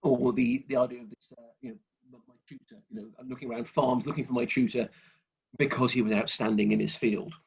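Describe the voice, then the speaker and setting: A man's voice: mid-range voice, fairly even intonation, fast talker, vocal fry, breathy edge, highs cut off. A man presenting a speaking workshop over a video call, rambling with many fillers and restarts as he shares anecdotes. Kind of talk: instructional talk with anecdotes.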